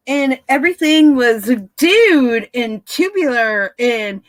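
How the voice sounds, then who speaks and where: A woman's voice: high voice, animated, takes it slowly, no echo. A woman in her fifties chatting casually, rambling and laughing at herself, with a dry recording. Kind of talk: casual chat.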